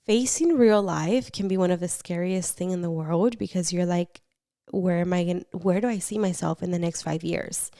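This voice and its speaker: A young woman hosting a casual advice podcast, chatty and animated, reading confessions and swearing casually. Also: on the low side, moderate pace, no echo, clean studio sound. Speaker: podcast host.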